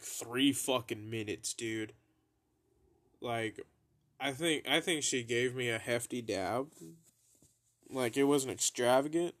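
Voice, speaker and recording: Slow-talking young man telling stories. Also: medium pitch, a bit bright. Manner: laid-back, profane, laughs through his own story. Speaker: podcast host. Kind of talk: casual storytelling.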